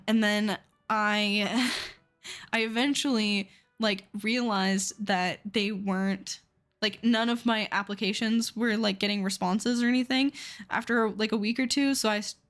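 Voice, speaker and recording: A woman's voice: mid-range voice, measured pace, fairly bright tone. A young woman from Seattle chatting casually on a live stream, talking frankly and with exasperation, swearing often. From Seattle, USA.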